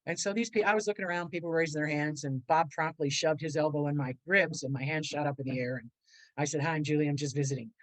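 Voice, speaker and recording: An older woman, a guest on a video call, telling her life story in a lively way, acting out the voices she quotes and laughing often. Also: sits low, quick pace, no echo, poor audio. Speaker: guest speaker. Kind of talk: animated personal storytelling.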